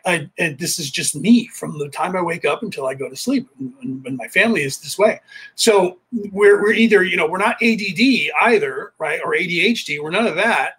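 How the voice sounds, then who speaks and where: A man's voice: fairly high pitch, a bit bright, slightly rough. A middle-aged American man talking in a rambling, casual monologue as a podcast host, full of fillers and restarts. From United States.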